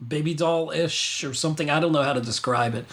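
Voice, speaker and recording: A man's voice: fairly high pitch, a little fast, a bit bright. A man hosting a casual livestream podcast, rambling with many restarts and fillers. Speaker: podcast host.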